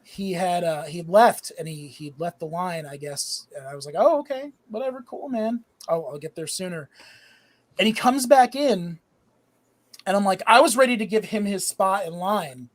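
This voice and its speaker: Rambling high-voiced man, visibly high. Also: moderate pace. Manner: rambling, swearing storyteller. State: high, drifting in and out. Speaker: panelist. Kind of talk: casual live panel chat.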